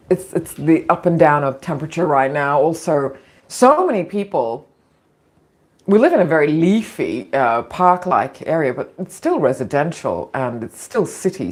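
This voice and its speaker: A woman hosting a casual talk show, frank and opinionated, rambling with a slightly irritated throat. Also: low voice. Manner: frank, opinionated, digressive, laughs often. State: throat irritation, occasional coughing. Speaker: podcast host.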